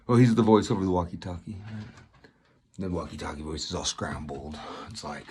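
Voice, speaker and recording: A man vlogging a casual movie review, rambling and excited, often repeating himself. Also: sits low, fairly quick, pauses often, slight background noise.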